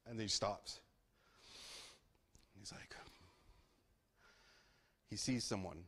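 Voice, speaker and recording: A man telling a story aloud to an audience in a playful, lively way, asking listeners to join in. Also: fairly low pitch, slow pace, long pauses. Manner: lively, playful, asks listeners to repeat words.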